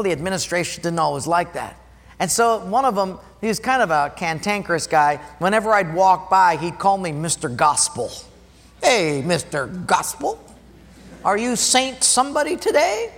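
Male pastor, high bright voice, lively storytelling sermon, long hall reverb. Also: normal speed. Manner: animated storytelling, acts out dialogue.

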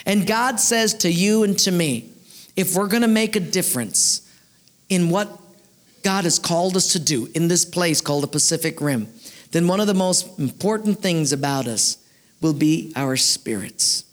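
A man in his thirties preaching a sermon, telling stories in an animated way. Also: high-pitched, moderate pace. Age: 30s. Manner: animated storyteller, acts out voices. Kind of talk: storytelling sermon.

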